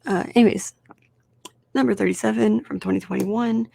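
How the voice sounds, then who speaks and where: Gravelly-voiced woman ranting on a podcast. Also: mid-range voice, moderate pace, a little hiss or hum. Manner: animated, swears freely, rambles with fillers. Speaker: podcast host. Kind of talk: casual solo podcast ranking films.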